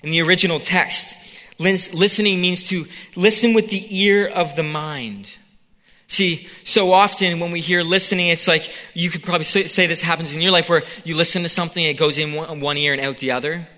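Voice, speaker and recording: A man's voice: a little high, fairly even intonation, a little fast, sharp tone, long reverb tail. A man preaching a sermon in a conversational way, acting out the scene with quoted voices.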